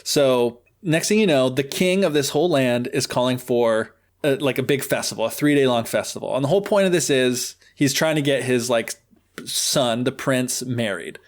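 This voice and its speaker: A man's voice: mid-range voice, moderate pace. A man hosting a podcast, retelling a fairy tale in a chatty, joking way with lots of fillers. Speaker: podcast host. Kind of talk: casual storytelling.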